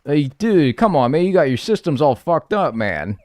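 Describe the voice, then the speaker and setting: A man's voice: fairly high pitch, very animated, normal speed, a little mellow, no room sound. A young man streaming a game, chatting casually in a rambling, joking and crude way. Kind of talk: casual gaming stream chat.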